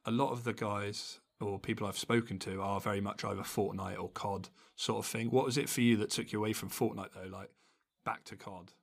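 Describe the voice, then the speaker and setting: A man's voice: fairly low pitch, fairly even intonation, fairly quick, vocal fry. A young man hosting a podcast in casual chat, swearing freely and laughing often. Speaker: podcast host.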